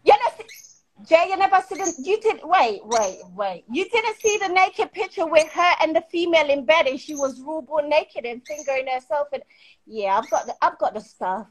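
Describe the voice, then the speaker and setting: High-voiced swearing woman. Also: expressive, moderate pace. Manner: cursing, confrontational, boastful. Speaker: live-stream host. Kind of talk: heated live-stream argument. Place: at home in the UK.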